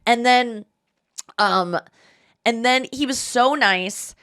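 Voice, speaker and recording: Animated woman host telling a story. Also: on the high side, takes it slowly, smooth. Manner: animated storytelling, acts out quoted voices. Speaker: podcast host. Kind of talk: casual chat.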